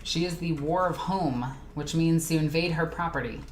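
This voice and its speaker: A woman hosting a casual live Q&A stream. She reads viewer comments aloud and chats excitedly, jumping from topic to topic. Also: low-pitched, normal speed. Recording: echoey room with faint ambient noise.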